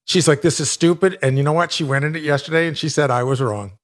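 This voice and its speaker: A man's voice: a little high, quick pace, a bit bright. A middle-aged man telling self-deprecating stories on a radio show. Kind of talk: anecdotal radio banter.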